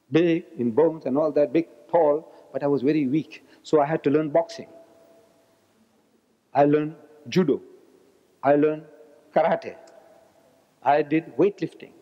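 A man in his seventies giving a public lecture, talking loudly and forcefully in a roaring way. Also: mid-range voice, gravelly. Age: 70s. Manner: loud, forceful, roaring delivery. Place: large lecture hall. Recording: echoey hall, dull lo-fi archive recording.

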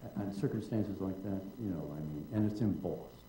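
A man's voice: low-pitched, normal speed, heavy background noise. An older man, a guest in a public conversation, telling long wry anecdotes and acting out the people in them. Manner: wry, digressive storyteller who acts out quotes. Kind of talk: anecdotal storytelling on stage. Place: auditorium at a public event. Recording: roomy hall echo.

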